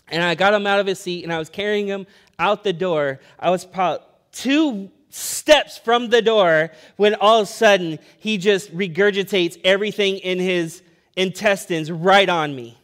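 Conversational pastor telling a story. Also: male voice, high-pitched, moderate pace, a bit bright. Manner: storytelling with rising emphasis, conversational. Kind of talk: sermon.

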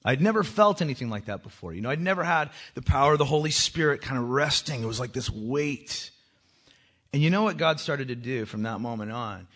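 A man with children, a worship leader giving a joking testimony talk to a church that rises into loud, urgent exhortation. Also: medium pitch, expressive, fairly quick. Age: adult with children. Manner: joking, self-mocking, often laughing.

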